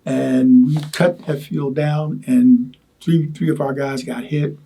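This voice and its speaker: An older man recalling his wartime experiences in an oral history interview, talking haltingly with many repeated words and asides. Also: medium pitch, steady tone, gravelly, dark tone, a little hiss or hum. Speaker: Vietnam veteran interviewee.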